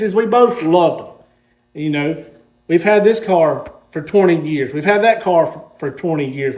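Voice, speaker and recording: A man's voice: fairly high pitch, a little mellow. A man, casually telling a rambling story while showing his car collection. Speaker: car hobbyist host.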